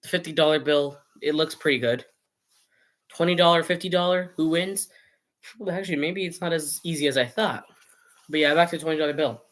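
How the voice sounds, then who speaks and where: A Canadian vlogger shares his views to camera, rambling, arguing with imagined viewers, and changing his mind as he goes while showing items on camera. His voice is on the high side, brisk and a bit bright. He's recorded on a camera mic.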